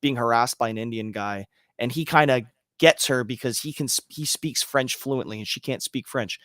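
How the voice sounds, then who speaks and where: A man's voice: medium pitch, moderate pace, a bit bright, dry recording, clean studio sound. A man co-hosting a podcast in casual chat, ranting in a heated, emphatic way and swearing freely. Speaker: podcast co-host.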